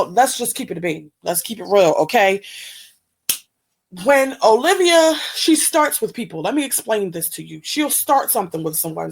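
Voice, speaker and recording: A woman talks straight to her viewers in a casual reaction-video commentary. She is emphatic and keeps asking them what they think. Her voice sits at an ordinary middle pitch. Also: breathy edge. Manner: emphatic, asks viewers questions.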